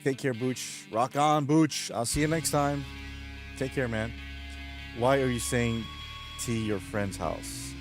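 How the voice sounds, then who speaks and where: Male streamer, mid pitch, loose rambling chat with viewers, quick to laugh. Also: music in the background. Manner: rambling, chuckles often, retells jokes. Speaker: live streamer reading chat. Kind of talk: casual late-night stream chat.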